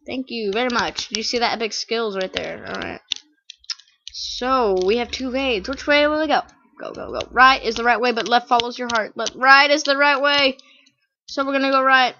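Female gamer host, goofy catchphrase-heavy let's-play commentary, bright higher voice, dull lo-fi mic. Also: moderate pace. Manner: goofy, playful, repeats catchphrases. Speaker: gameplay channel host.

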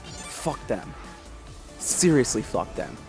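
Speaking slowly in a gravelly, sing-song mid-range voice, a male gameplay commentator swears and trash-talks the racers he's up against, clearly exasperated. It's casual let's-play talk, set over game music.

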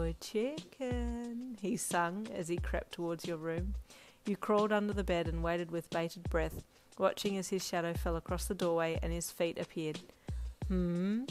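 A woman narrates a fanfiction audiobook in steady storytelling fashion. Her voice sits fairly low for a woman, and quiet lo-fi drum music plays underneath. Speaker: fanfiction reader. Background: faint lo-fi drum music.

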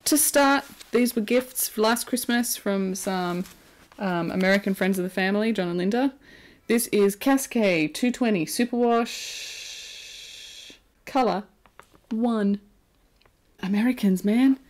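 An Australian woman chats about yarn on her knitting vlog, casual and playful with a habit of silly asides. She speaks at a measured pace in a mid-range, slightly mellow voice.

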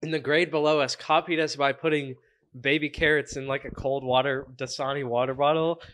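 A young man co-hosting a podcast, animated and swearing heavily as he tells a school story. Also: a little high, brisk. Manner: animated, heavy swearing, bursts of laughter. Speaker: podcast co-host. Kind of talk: casual chat.

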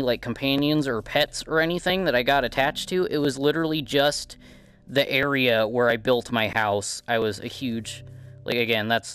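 A man's voice: medium pitch, a bit bright, smooth. A man with a Midwestern accent rambling and swearing casually while commentating his own gameplay. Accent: Midwestern American. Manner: rambling, profane, self-deprecating. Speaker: gaming channel host.

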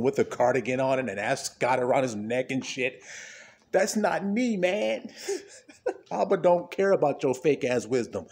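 In a darkish tone, a man gives a relaxed, conversational sermon. He asks rhetorical questions, laughs a lot, and swings from low murmuring to high-pitched exclamations.

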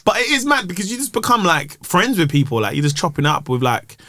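Man, bright voice, swooping animated delivery, casual podcast storytelling. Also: high voice, quick pace, dry recording, clean studio sound. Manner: animated storytelling, slang-heavy, laughs through stories. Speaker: podcast guest, comedian. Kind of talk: casual chat.

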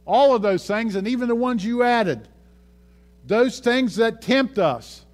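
A man's voice: very high voice, expressive, unhurried. A male pastor preaching a sermon, reading scripture aloud and repeating key phrases for emphasis.

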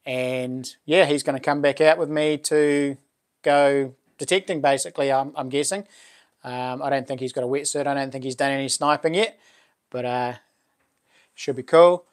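A man with a New Zealand accent, speaking at normal speed in a steady, medium-pitched voice, runs a relaxed live stream where he reads out viewer comments and chats with them warmly.

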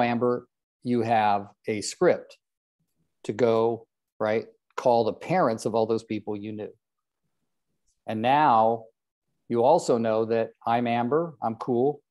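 Older man, real estate coach, mellow warm voice, joking, self-deprecating, group coaching session. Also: mid-range voice. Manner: joking, self-deprecating, calls on trainees by name.

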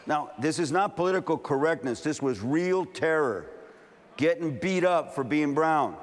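A man's voice: on the high side, moderate pace. Man preaching in a reverberant hall. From California. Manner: animated storytelling, acting out dialogue. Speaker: pastor. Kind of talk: sermon. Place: large camp meeting hall. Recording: long hall reverb, faint ambient noise.

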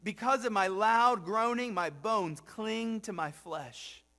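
A male pastor preaching a reflective sermon to a congregation, asking rhetorical questions and often dropping soft and low for scripture. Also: slow pace. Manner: asks the congregation rhetorical questions, frequent "right?". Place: church sanctuary with congregation.

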